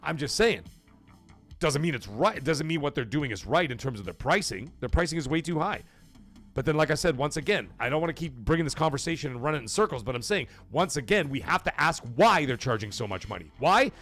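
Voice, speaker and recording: A man hosting a gaming stream, his voice sitting a bit high and swinging widely as he rants. He talks bluntly and emphatically to his chat and swears freely. Soft music runs underneath. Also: animated, fairly quick. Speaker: gaming show host. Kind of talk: livestream chat and rant.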